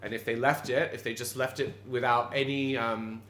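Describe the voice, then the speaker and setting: A man's voice: mid-range voice, little pitch movement, moderate pace, fairly bright tone. A Quebecois-Canadian man, a pub landlord, talking animatedly in an interview, rambling with fillers and restarts. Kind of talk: conversational interview. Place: bar of an old pub. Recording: roomy pub with background ambience.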